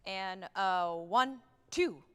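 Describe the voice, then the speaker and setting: Her medium-pitched voice is clear and resonant, and she speaks extremely slowly. This woman conductor rehearses a wind band on a theatre stage, upbeat and direct, counting off and singing out the intended notes. Long hall reverb colors the livestream recording.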